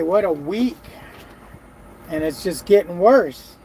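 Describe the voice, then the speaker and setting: A man's voice: high voice, slow pace, creaky, darkish tone, slight background noise, low-quality recording. A truck driver talking casually to his vlog camera from his truck cab, weary and grumbling, sighing often. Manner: weary, grumbling, frequent sighs.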